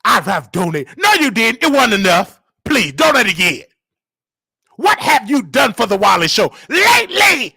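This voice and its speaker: Man, very high pitch, wildly swooping, shouting and preachy, dry close sound. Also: moderate pace, creaky, husky, dry recording. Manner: shouting, preachy, animated, scolding listeners. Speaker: show host. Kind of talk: loud live-stream commentary.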